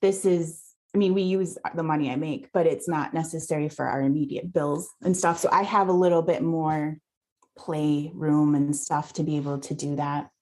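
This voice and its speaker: A woman appears as a podcast guest in a casual interview chat, talking at length about the items she has found to resell. Her voice sits low and sounds a little mellow, with a steady tone at normal speed.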